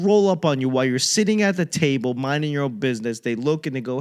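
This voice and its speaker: A young man from the Boston area riffs through a loose comic monologue as host of his own podcast. He talks casually and profanely, wanders off on tangents, and drops into quick voices for other people. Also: mid-range voice, clean tone. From Boston area, USA. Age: young adult. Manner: rambling, profane, animated impressions of others.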